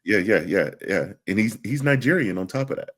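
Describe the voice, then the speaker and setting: A podcast co-host with a lowish voice keeps the casual conversation going by asking questions. He's animated and fairly quick, though he often restarts hesitantly.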